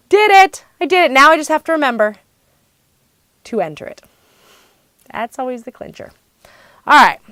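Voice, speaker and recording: A woman hosting a craft podcast in casual chat, bubbly and excitable. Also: medium pitch, smooth, dry recording. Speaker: podcast host.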